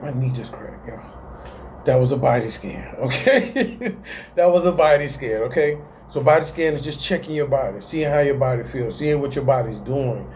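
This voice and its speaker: A man's voice: medium pitch, warm tone, a little hiss or hum. A man hosting a casual self-help video, talking animatedly in slang and often laughing at himself. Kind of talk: casual motivational talk to camera.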